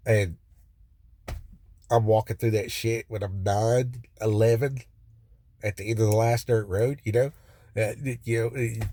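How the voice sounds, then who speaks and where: A man's voice: mid-range voice, dark tone, no echo. A man telling a raw personal story from his car, swearing freely and circling back with many fillers and restarts. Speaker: vlogger sharing a personal testimony. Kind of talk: rambling first-person storytelling. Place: in a car by the roadside.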